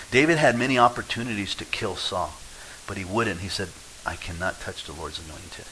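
A male pastor preaching a sermon, lively and acting out quoted voices, swinging between loud and quiet. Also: low voice, normal speed, a little hiss or hum, low-quality recording.

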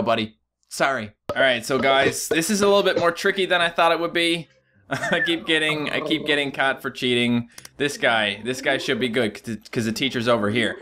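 A man giving casual gameplay commentary, excitable and jumping to high yelps when things go wrong. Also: a little hiss or hum. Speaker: gaming YouTuber.

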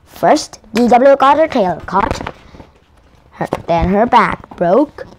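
A woman, a Korean native speaker, reads a picture book aloud at an unhurried pace, her pitch rising and falling freely. She restarts and corrects words now and then. A faint hiss sits under the recording. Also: expressive. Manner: careful, with restarts and self-corrections. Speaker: storyteller.

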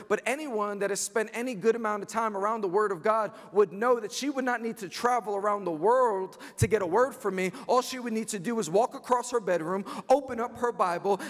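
Man, pastor, chapel sermon, high voice, emphatic repetition, long echoing reverb. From New York. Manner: emphatic preaching with repeated phrases and rising fervor. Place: university chapel.

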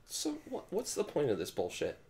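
Swearing, animated man playing a game. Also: fairly high pitch, normal speed. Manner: loud, swearing, laughing, expressive. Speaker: player in a gaming video. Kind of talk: casual gaming commentary.

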